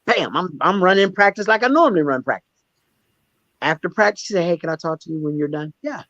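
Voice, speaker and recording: A man telling candid stories as a guest in a conversational interview, emphatic and animated, often repeating words as he restarts. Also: high voice, quick pace, no echo, lo-fi sound. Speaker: stand-up comedian and guest.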